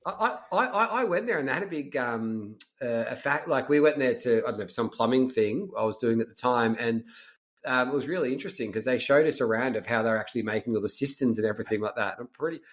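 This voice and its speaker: A man's voice: medium pitch, quick pace. A man with an Australian accent, a podcast host chatting in a friendly, matey way with lots of fillers. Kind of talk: casual chat.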